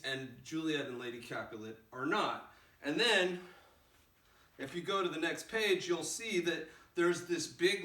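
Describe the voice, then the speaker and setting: A man teaching a play in a casual, animated way, recorded in a roomy space with the mic far off. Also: on the high side. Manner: casual and animated, acts out lines. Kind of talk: explaining a play scene.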